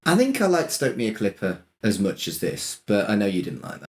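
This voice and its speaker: Brief: male co-host, casual and swearing, very expressive intonation. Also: fairly low pitch, a little fast. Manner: lively, laughs often, swears casually. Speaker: podcast co-host. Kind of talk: casual chat.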